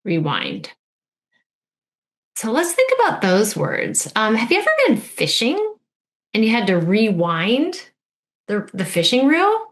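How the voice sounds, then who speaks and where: Animated woman teaching a lesson. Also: fairly high pitch. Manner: patient, slow model-and-repeat teaching with prompts. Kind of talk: instructional video lesson.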